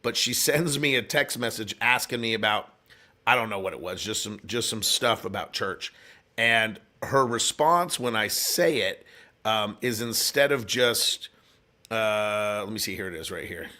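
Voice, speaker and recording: A middle-aged man with a doctorate telling stories in a casual faith talk show chat, animated and prone to excited bursts. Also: on the low side, unhurried. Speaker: church leader with a doctorate.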